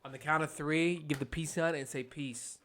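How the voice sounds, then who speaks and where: A man's voice: on the high side, fairly even intonation, moderate pace, very noisy. A young man co-hosting a casual podcast, rambling and swearing, often repeating himself as he goes. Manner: rowdy, profane, rambling with repeated restarts. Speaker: podcast co-host. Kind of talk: casual chat.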